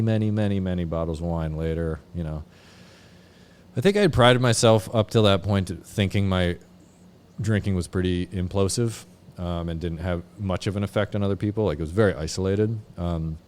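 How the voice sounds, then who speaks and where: A man from Vermont, a podcast guest, telling his recovery story in a halting way with lots of fillers and swearing. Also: low voice, a little mellow. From Vermont, USA. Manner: halting, many fillers and restarts, frequent swearing. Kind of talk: candid personal recovery story.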